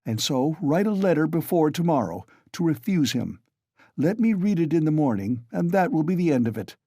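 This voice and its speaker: A man's voice: a little high, very animated, moderate pace, dark tone, dry recording, studio quality, voice pushed up. Man voicing Raskolnikov, feverish and snapping. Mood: insistent. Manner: snapping, insistent. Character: feverish young man, irritable, sickly.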